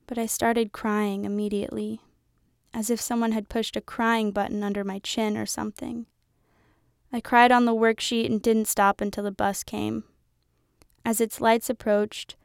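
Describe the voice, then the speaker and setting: A woman narrating a first-person novel in a conversational, wry, measured way. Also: medium pitch, flat delivery, gravelly, clear, resonant tone, no room sound, clean studio sound. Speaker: audiobook narrator.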